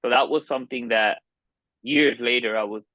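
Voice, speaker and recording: A man in his forties from Miami, a podcast guest telling a personal story in an earnest, halting way with many restarts. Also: medium pitch, steady tone, dry recording. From Miami, United States. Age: 40s. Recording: dull, dry lo-fi sound.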